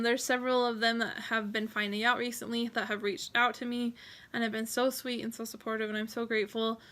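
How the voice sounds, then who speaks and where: Young woman vlogger, bright tense voice, slightly high, teary, rambling and grateful. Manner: emotional, rambling, grateful, tearful at times. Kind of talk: personal vlog update.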